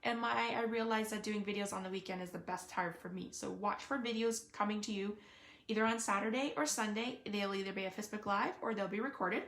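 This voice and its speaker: A woman's voice: mid-range voice, brisk, fairly bright tone. A woman giving a casual live card-making demonstration, chatting and thinking aloud with frequent fillers. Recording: echoey room.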